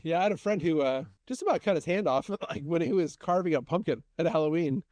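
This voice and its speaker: A man's voice: a little high, expressive, fast talker, darkish tone, no echo. A man co-hosting a podcast, telling funny stories casually and laughing often. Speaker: podcast co-host. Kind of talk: casual storytelling chat.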